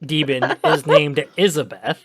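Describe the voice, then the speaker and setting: A man acting as game master, calmly correcting players with small hesitations. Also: fairly high pitch, unhurried, breathy edge. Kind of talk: casual table talk.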